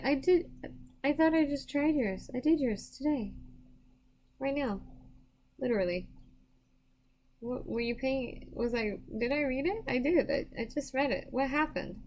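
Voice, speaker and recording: On a live stream, a tired woman gives psychic readings, yawning as she chats casually with viewers and rambles with many restarts. Her voice sits high, with slight background noise.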